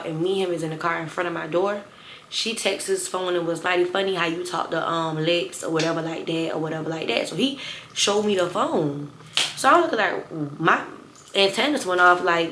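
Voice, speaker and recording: A woman's voice: on the low side, a bit bright, roomy sound, a little hiss or hum. A young woman telling a storytime to her phone camera in a blunt, heated, slangy way, talking straight to her viewers. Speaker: storytime vlogger. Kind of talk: casual storytime rant.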